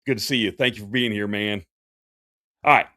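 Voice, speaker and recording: A man's voice: lowish voice, steady tone, a little fast, bright, forceful tone, no echo, clean studio sound. A man, a professional Santa performer hosting a casual livestream Q&A, talking in a folksy, chatty way with many fillers and restarts.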